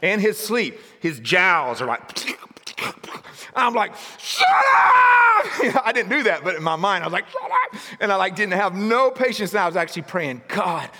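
A man preaching a sermon in a casual, jokey storytelling way, breaking into shouted outbursts. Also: sits high, animated, a little fast, hardly any pauses, long reverb tail. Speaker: pastor.

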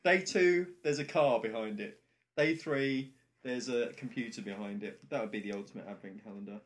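A man's voice: medium pitch, normal speed. Jokey man, casual podcast chat. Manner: jokey, laughs at his own jokes. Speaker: podcast co-host.

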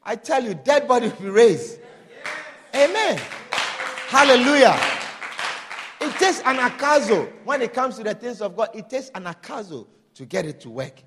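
A man preaching with a very high voice that leaps up and down as he drives each point home. He calls out amen and hallelujah between his lines, and his words ring with the long echo of a big hall. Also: very animated, moderate pace, fairly bright tone, a faint crowd. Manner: emphatic preaching with call-and-response amens. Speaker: pastor. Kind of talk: sermon.

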